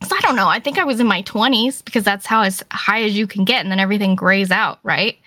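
A woman telling a casual story on a podcast, acting out her own past reactions in an animated way. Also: medium pitch, fast talker, no room sound. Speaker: podcast guest.

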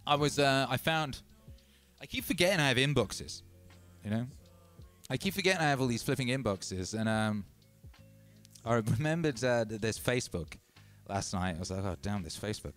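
A man hosting a DJ livestream, chatting casually and rambling between shout-outs to his viewers. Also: mid-range voice, animated, normal speed, pauses often. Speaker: DJ and livestream host. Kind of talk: casual livestream chat over music. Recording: loud music playing under the voice.

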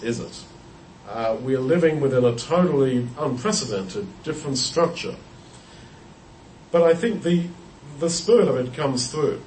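Male Bible teacher, mid-pitched, thoughtful, repeats himself as he explains; echoey room with faint ambience. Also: a little mellow, a little hiss or hum. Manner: thoughtful, explanatory, with frequent restarts and repeated words. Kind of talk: unscripted Bible study talk. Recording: roomy echo, heard from a distance.

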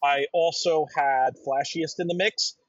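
A man's voice: on the high side, fairly even intonation, a little slow, dry recording. A man co-hosting a horse racing talk, bantering and breaking down picks. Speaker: racing podcast co-host. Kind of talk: casual analysis chat. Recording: dry, dull lo-fi sound.

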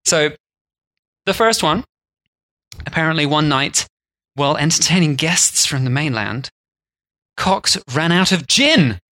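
A man's voice: a little high, lively intonation, measured pace, pauses often, pushed and bright, no room sound. A man co-hosting a casual podcast chat, telling a story and slipping into joking mock voices. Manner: storytelling, puts on mock accents for humor. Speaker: podcast co-host.

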